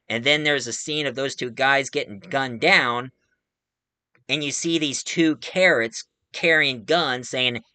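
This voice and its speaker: A man's voice: medium pitch, sharp tone, clean tone, dry recording. A man giving a casual spoken movie review, rambling along with frequent filler sounds.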